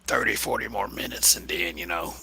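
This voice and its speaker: A man's voice: low voice, brisk, gravelly, pushed and bright, husky, no echo, rough recording. A man hosting a live-stream panel, talking loosely with many fillers and restarts. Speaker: livestream host. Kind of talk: casual live-stream chat.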